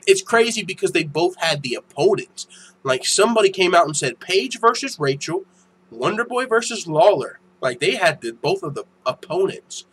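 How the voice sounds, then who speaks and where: A young man hosting a casual MMA news channel, ranting in a profane, animated way that turns heated and loud. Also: a little high, a little hiss or hum, poor audio. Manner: profane, animated, quick to get heated and shout.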